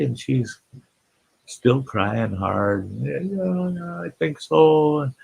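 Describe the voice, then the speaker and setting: A man with a deep, low voice that is gravelly and very husky tells a rambling, folksy story on his live stream. He talks slowly and stops now and then to greet people in the chat. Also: low-quality recording.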